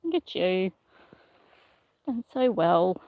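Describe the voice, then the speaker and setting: A woman livestreaming casually while she trains her miniature horse outdoors, speaking in a soft, coaxing way to the animal. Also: fairly low pitch, sing-song, slow, dry recording, phone-quality sound. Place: outdoors in a paddock. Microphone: phone camera held in one hand. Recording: noisy outdoor phone recording.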